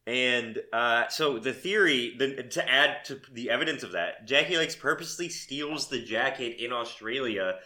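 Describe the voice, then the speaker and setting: A man's voice: mid-range voice, normal speed, hardly any pauses, sharp tone. A man hosting a casual podcast chat, rambling through stories and laughing as he talks. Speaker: podcast host.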